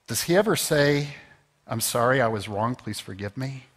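A man's voice: medium pitch, animated, normal speed, fairly bright tone. A man preaching a conversational sermon as pastor, rising to emphatic peaks. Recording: long reverb of a large hall.

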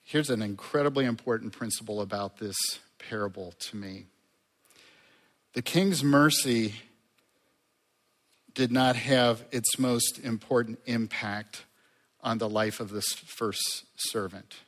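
A man preaching a sermon as a pastor, conversational and lively, with asides to the congregation. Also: on the low side, measured pace, in a large hall.

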